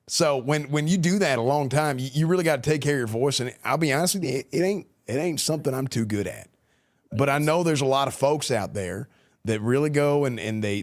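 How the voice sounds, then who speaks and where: A relaxed man with a Texan accent and a voice of ordinary middle pitch. He talks loosely and slangily, restarting sentences and filling pauses as he answers questions. He is heard through a good streaming microphone. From Texas. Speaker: streamer speaking to a school class. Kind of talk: casual chat answering students' questions.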